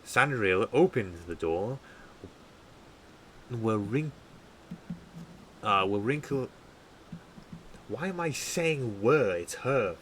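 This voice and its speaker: A tired man streaming a game live, reading a story draft aloud in a measured way and stumbling over words. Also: mid-range voice, animated, a little hiss or hum, poor audio.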